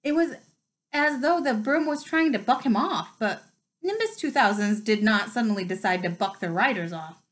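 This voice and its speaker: A woman's voice: a little high, animated, moderate pace, rough recording. A woman reading a novel aloud, telling it expressively and rising with the action. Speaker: reader.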